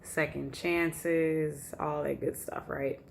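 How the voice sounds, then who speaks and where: A woman's voice: deep voice, steady tone, takes it slowly, creaky, a little hiss or hum. A woman life coach giving a casual teaching talk at a whiteboard, telling a client story in a chatty way. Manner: chatty storyteller who acts out quotes.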